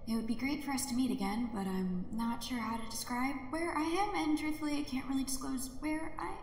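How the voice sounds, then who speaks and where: A woman's voice: high-pitched, pitched above the performer's own voice. A woman reading as a guarded hidden letter-writer. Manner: hesitant, halting reading. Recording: echoey long-reverb room with faint noise.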